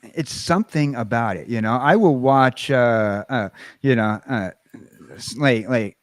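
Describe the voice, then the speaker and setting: A man's voice: medium pitch, no room sound. Rambling American man, dry sound. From United States. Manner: rambling, halting, full of fillers and restarts. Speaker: livestream host. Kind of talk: casual stream chat.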